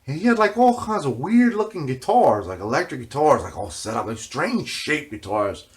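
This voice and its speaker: A man's voice: mid-range voice, big pitch swings, moderate pace. A middle-aged man telling a rambling story in a loose monologue, constantly adding filler tags and swearing casually. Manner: casual, constantly says "you know what I mean", swears freely. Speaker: video journal host.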